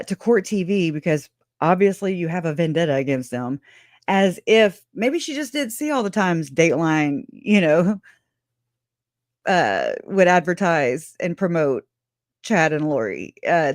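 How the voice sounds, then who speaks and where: A woman's voice: on the low side, big pitch swings, measured pace, no room sound, studio quality. A woman hosting a true crime livestream, talking bluntly and emotionally, often breaking into laughter as she reacts. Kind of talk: casual livestream commentary.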